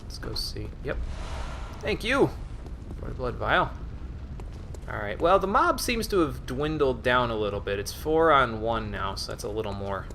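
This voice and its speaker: A man's voice: mid-range voice, very animated, moderate pace, vocal fry, pushed and bright, slight background noise. A man casually commenting on his own play during a live game stream, muttering and chatting with viewers. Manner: chatty, mutters to himself, reads chat aloud.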